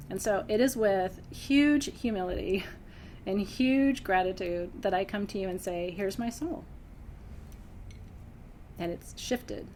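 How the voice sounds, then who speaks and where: Speaking unhurriedly in a medium-pitched voice, a woman who teaches spiritual practice hosts a member Q&A. Near tears, she addresses her students earnestly and from the heart, swinging between hushed intensity and bright laughs. There's slight background noise.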